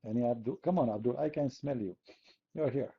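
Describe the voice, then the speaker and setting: A man's voice: medium pitch, a little fast, creaky, breathy edge, highs cut off. A man from the Middle East, hosting an online chat room debate in a sarcastic, mocking, argumentative way. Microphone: computer mic.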